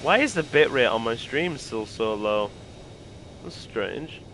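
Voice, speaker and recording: A man with a worn, strained voice giving slow, rambling commentary while streaming a game. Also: mid-range voice, animated, a bit bright, a little hiss or hum. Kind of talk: casual gameplay commentary.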